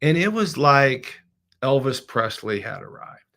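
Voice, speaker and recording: A middle-aged man with a gravelly edge to his voice, sitting at a middling pitch. He runs a casual livestream as a business owner and talks in a rambling, heartfelt way with many restarts, his feelings showing through. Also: very animated, a little slow, a bit bright. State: emotional.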